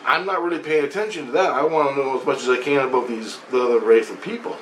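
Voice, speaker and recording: A man rambles through a personal story in an animated, repetitive way, his voice at an everyday middle pitch. The room around him is roomy and echoey, with a faint ambient hum. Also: fast. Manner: rambling, animated, repeats himself. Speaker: vlogger. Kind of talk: casual spoken account.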